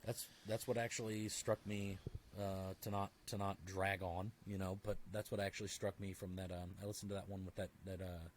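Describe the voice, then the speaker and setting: A man's voice: low voice, little pitch movement, fairly quick, slight background noise. A man talking as a podcast guest in casual conversation, emphatic and full of "like"s, often acting out little dialogues in other voices. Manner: filler-heavy, talks with many "like"s.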